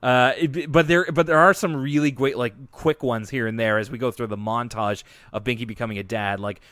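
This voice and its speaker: A man co-hosting a podcast in casual, animated chat, laughing often and doing playful voices when he quotes. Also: mid-range voice, fairly quick, no room sound, clean studio sound. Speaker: podcast co-host.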